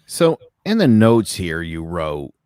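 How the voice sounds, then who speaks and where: A man's voice: low-pitched, big pitch swings, slow pace, darkish tone, clear, resonant tone, dry recording, studio quality. A married man co-hosting a podcast, chatting casually and telling wry stories. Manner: wry, storytelling with mocking quotes. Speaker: podcast co-host.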